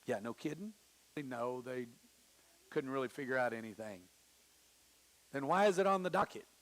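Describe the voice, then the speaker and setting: A man preaching a sermon in church, casual and conversational, acting out the people he quotes with big swings in pitch. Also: moderate pace, fairly bright tone. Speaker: pastor. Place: church sanctuary.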